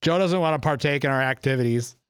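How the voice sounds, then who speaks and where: A man co-hosting a podcast, reacting loudly and crudely to a movie in casual chat. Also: mid-range voice, fast talker, clear, resonant tone, no room sound, studio quality. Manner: reactive, blurts out exclamations, crude humor. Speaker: podcast co-host.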